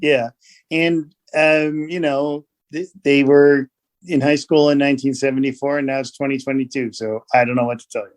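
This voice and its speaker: A man guesting on a podcast as a TV show writer and producer, explaining things in a measured way with little anecdotes, in casual chat. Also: mid-range voice, steady tone.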